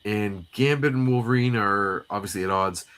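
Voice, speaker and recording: A man's voice: fairly low pitch, moderate pace, fairly bright tone, clear, resonant tone. A man co-hosting a casual comic read-through livestream, recapping the plot in a rambling way with many fillers. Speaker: co-host.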